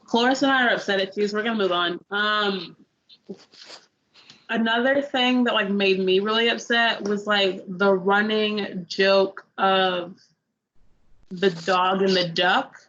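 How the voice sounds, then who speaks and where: A woman's voice: medium pitch, fairly even intonation, a little slow, a bit bright. A young woman talks through a film on a casual review panel. She rambles, strings together "like" fillers and acts out her own reactions. The recording sounds a little dull, with faint noise underneath. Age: young adult. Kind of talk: casual movie review chat.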